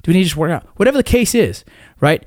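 A man's voice: a little high, big pitch swings, very fast, darkish tone, dry recording, studio quality. A man in his thirties or forties, a military veteran guest talking in a blunt, profane, emphatic way in casual conversation.

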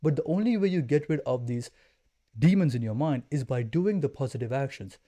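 A man's voice: mid-range voice, animated, a little fast, warm tone. A man in his twenties, a podcast guest, talking in an intense, emphatic, slangy way. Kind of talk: casual chat.

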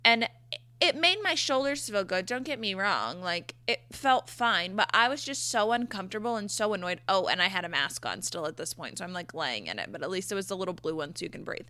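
A young woman rattles through an exasperated storytime rant, animated and full of casual swearing. Her voice is bright and forward, recorded close and dry with no room sound. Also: medium pitch, a little fast, few pauses, no room sound. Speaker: vlogger telling a story.

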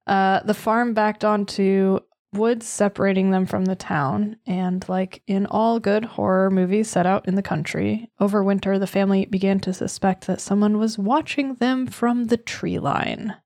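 A woman's voice: medium pitch, steady tone, normal speed, hardly any pauses, a little mellow, no room sound, studio quality. An American woman co-hosting a true-crime podcast, chatting casually with jokey asides. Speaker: podcast co-host.

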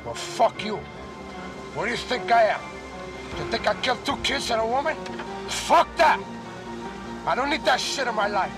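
An enraged cursing drug lord. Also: male voice, very high voice, expressive, normal speed, long pauses. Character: volatile drug lord, man, furious and cursing. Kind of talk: film dialogue. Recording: film clip with music behind.

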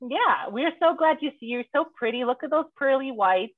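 A woman's voice: high-pitched, lively intonation, normal speed, no echo, narrow, tinny audio. A woman hosting a podcast in casual comedic chat, joking and acting out silly voices. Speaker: podcast host.

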